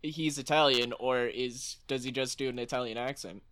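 A flustered husband, improvised by a man stammers through his dinner order. His voice is smooth and clear, full of hesitant uhs, in an improv comedy scene. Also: medium pitch, fairly even intonation, normal speed, a bit bright, close to an everyday voice.

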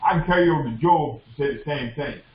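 A man's voice: fairly high pitch, quick pace. A man preaching a sermon as a bishop, impassioned and repetitive, often calling out to the congregation. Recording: echoey dull lo-fi room recording.

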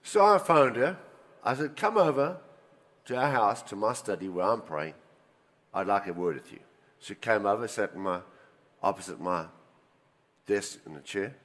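An older man preaching a sermon, telling personal stories and swinging between loud emphasis and quiet asides. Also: low-pitched, moderate pace, long pauses. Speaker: pastor. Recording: reverberant hall.

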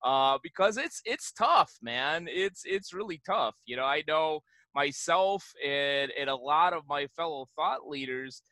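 A man's voice: on the high side, expressive, measured pace, pushed and bright, dry recording. A male podcast host who talks in a friendly, casual way, with many fillers and laughs mid-sentence. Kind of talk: casual interview talk.

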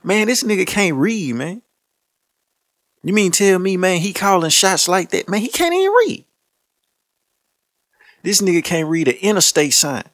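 A man's voice: sits high, normal speed, a bit bright, dry recording, clean studio sound. A man hosting a podcast, talking loosely and profanely in a casual, laughing way. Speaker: podcast host. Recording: music playing underneath.

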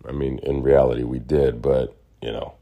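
A man's voice: very deep voice, flat delivery, moderate pace, lo-fi sound. A man hosting his own podcast, talking alone in a casual, rambling way and acting out quoted voices. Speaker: podcast host. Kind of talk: casual solo monologue.

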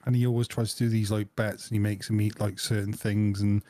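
A man's voice: fairly low pitch, little pitch movement, dark tone, no room sound. A man in his forties co-hosting a podcast, chipping in with teasing quips and questions. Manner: quick teasing asides and questions. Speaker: podcast co-host. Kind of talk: casual chat.

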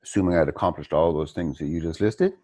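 A man's voice: low voice, fast talker, mellow, no room sound, clean studio sound. A man answering interview questions casually, reflective and hesitant, chuckling now and then. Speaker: interview guest.

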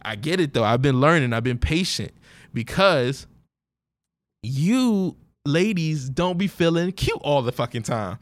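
A man with a New Orleans accent hosting a solo podcast in a relaxed, joking way, laughing often and drawing out his slang. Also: fairly high pitch, a little slow, no echo. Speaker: podcast host. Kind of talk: casual solo podcast monologue.

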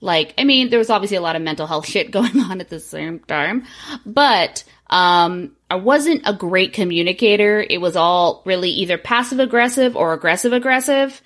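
A woman's voice: mid-range voice, lively intonation, moderate pace, fairly bright tone. A woman in her thirties co-hosting a podcast, chatting casually with lots of swearing, fillers and laughs. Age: 30s. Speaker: podcast co-host.

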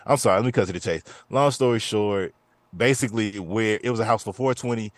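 A man in his thirties, co-hosting a podcast, telling a story in a lively, profane way and often repeating himself. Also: lowish voice, fast talker, no room sound. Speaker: podcast co-host. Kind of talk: casual chat.

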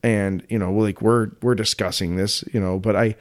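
This male co-host has a lowish voice and chats casually on the podcast. He gets animated, breaks into laughter readily, and often starts his sentences over.

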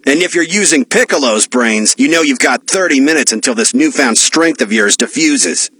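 An actor voicing a defiant young male martial arts hero in an anime dub, calm and cocky. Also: mid-range voice, moderate pace, slightly rough.

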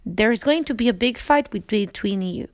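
A woman's voice: medium pitch, expressive, normal speed, dry recording, natural voice. A woman reading the lines of a stern, powerful middle-aged male duke in a storybook reading, with a raised, emphatic delivery.

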